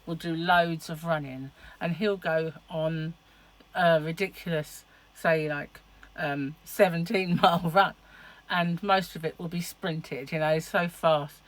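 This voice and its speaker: A woman's voice: deep voice, fairly even intonation, takes it slowly, low-quality recording. A middle-aged woman chatting casually to camera in a rambling, laughing way. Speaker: vlogger.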